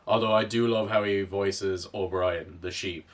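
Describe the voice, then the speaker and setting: Cork irish guy ranting casually, swears a lot, low steady voice, bit distant from the mic. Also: measured pace. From Ireland. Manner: rambling, wry, swears freely. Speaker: commentator. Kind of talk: casual commentary.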